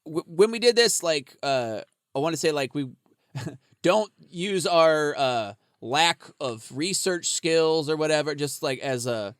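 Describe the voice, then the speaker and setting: A man co-hosting a casual podcast, talking in loose, rambling bursts, swearing freely and laughing often. His voice is smooth and clear, a little higher than most men's, recorded dry and close to the mic. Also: lively intonation, unhurried, no echo. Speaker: podcast co-host.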